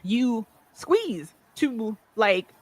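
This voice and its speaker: A woman's voice: fairly high pitch, sing-song, extremely slow, darkish tone, no room sound. A playful woman from the Virgin Islands hosting a casual chat as a life coach. She jokes, laughs often and talks loosely to her viewers.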